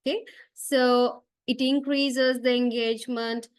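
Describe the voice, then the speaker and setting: A woman's voice: a little high, little pitch movement, slow, smooth, no room sound. Dry-voiced woman giving a lecture. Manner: frequent uh fillers and tag question right?; explanatory, step by step. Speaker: university lecturer. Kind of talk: classroom lecture.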